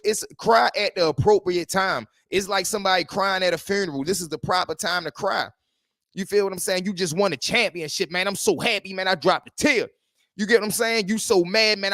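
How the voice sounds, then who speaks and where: A man hosts a livestream, telling street stories and commenting in a lively, repetitive street-talk manner. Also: high-pitched, dry recording, clean studio sound. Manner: animated street talk, repeating phrases. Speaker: host.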